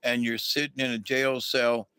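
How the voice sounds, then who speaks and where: A man's voice: medium pitch, flat delivery, moderate pace, sharp tone, clear, resonant tone, dry recording. A middle-aged man, telling a rambling, folksy story as a livestream host and greeting viewers along the way. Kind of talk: casual storytelling to a live chat.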